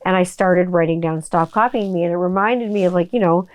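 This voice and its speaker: Talking a little fast, a middle-aged podcast host chats profanely on her casual solo show. She keeps slipping into high kid voices whenever she quotes someone.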